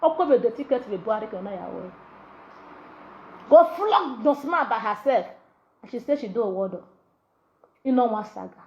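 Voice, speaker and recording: High-voiced Nigerian woman ranting. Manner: scolding, insulting, mocking, sing-song repetitions. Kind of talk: ranting monologue in Nigerian Pidgin. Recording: dull lo-fi audio.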